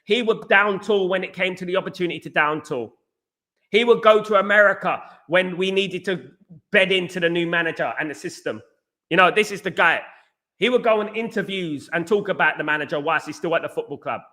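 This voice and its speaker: Bright, high-voiced football host. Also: male voice, fast talker. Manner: animated, repetitive, addresses viewers as guys. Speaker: podcast host. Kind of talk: casual football opinion chat.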